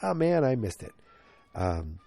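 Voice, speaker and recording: A man's voice: mid-range voice, sing-song, unhurried, creaky, warm tone. A man hosting a casual solo podcast from his couch at home, talking into a handheld recorder with a congested, nasal voice and thinking aloud as he chats. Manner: chatty, thinking aloud, easily sidetracked. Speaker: podcast host. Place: living room couch at home.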